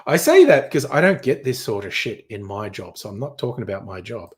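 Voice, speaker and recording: A man's voice: lowish voice, big pitch swings, fairly quick, darkish tone. A young man reading headlines in a casual chat, crude and sardonic, swearing freely. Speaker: streamer.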